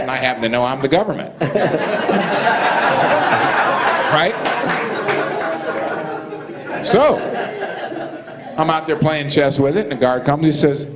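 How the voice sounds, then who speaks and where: Male storyteller, lively pitch, acts out dialogue, laughs through it. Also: low-quality recording. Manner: animated, acts out both sides of the dialogue, laughs often. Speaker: speaker telling stories. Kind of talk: anecdotal storytelling to an audience.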